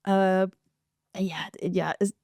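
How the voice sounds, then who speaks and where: A woman's voice: mid-range voice, fairly even intonation, a little slow, a little mellow, no echo, studio quality. A woman, co-hosting a casual podcast chat, talking freely and laughing often. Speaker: podcast co-host.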